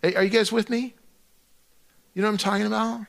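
A man's voice: high voice, level tone, fast, creaky. A middle-aged male pastor preaching in a conversational way, acting out his own prayers to God with many restarts and fillers. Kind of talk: sermon.

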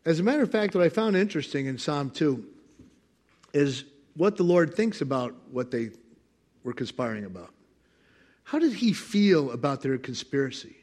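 A man preaching a sermon as pastor, animated and playful, acting out voices with bursts of laughter. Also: fairly high pitch, normal speed. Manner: animated, acts out God's voice with laughter.

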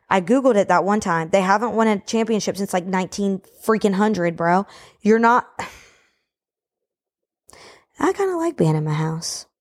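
A young woman hosting a solo podcast from home, ranting in a casual, emphatic way and peppering her talk with slang. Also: medium pitch. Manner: animated, emphatic, slangy ("bro", "baby"). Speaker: podcast host.

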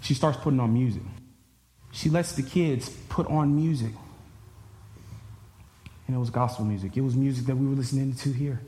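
A man's voice: medium pitch, steady tone, brisk, mellow. A man telling an emotional personal story to a church congregation. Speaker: churchgoer giving a personal testimony. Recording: echoey hall with faint ambience.

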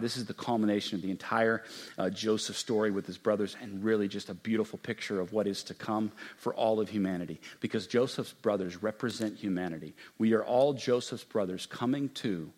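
A man preaching a sermon as a pastor. He swings from hushed, intimate passages to loud, emphatic ones and acts out quoted lines slowly and with stress. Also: lowish voice. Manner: acts out quoted speech with slow, drawn-out emphasis.

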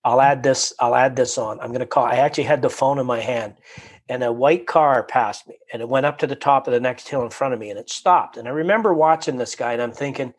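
A man from Canada, a guest in a conversation, telling a story with animated energy, acting out quotes and often repeating his words. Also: medium pitch, fast.

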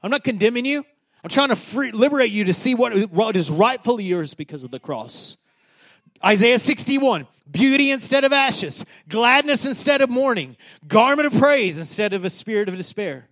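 A man preaching a sermon with passion, repeating himself, rising from quiet talk to loud declarations. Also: extremely high pitch, lively intonation, moderate pace. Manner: passionate, building to loud declarations with frequent restarts. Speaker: pastor.

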